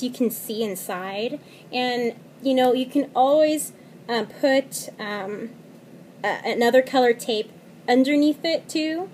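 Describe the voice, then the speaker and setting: Chatty mom rambling through a craft tutorial. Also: female voice, fairly high pitch, a little hiss or hum. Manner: chatty, laughs often, drops to quiet asides. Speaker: crafting vlogger. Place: home at night. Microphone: tablet camera.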